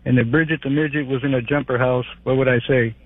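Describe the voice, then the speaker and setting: A man calling in to a radio show, firing off deadpan one-liner jokes. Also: medium pitch, fast, dry recording, lightly acted. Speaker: caller. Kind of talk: call-in radio joke caller. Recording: tinny phone line with faint noise.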